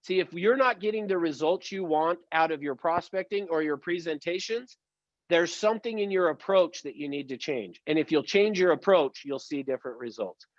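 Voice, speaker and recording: An upbeat male sales trainer leads an online session in a high, emphatic voice. His coaching tone pushes listeners to practise and change. The sound is dry and close, with a slightly dull, lo-fi quality. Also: moderate pace, no room sound. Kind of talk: motivational online training talk.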